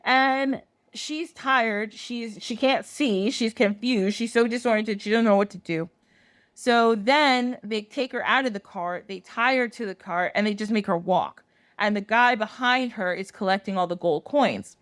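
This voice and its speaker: A woman's voice: fairly high pitch, unhurried, fairly bright tone, dry recording. A woman podcast host telling a fairy tale in a chatty, casual way full of fillers and swearing. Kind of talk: casual storytelling.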